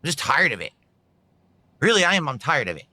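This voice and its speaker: A man's voice: a little high, sing-song, fairly quick, a crowd in the background. A man streaming and complaining about viewers in a whiny, aggrieved, repetitive way. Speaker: streamer in a played clip.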